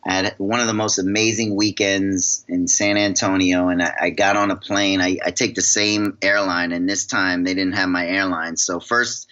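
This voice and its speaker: A man from New York tells a story in a podcast interview, energetic and animated, doubling up words as he goes. His voice is bright and forceful, and the recording sounds a little dull and lo-fi. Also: sits low, normal speed, hardly any pauses. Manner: energetic, animated storyteller who repeats words when excited. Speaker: guest, success coach.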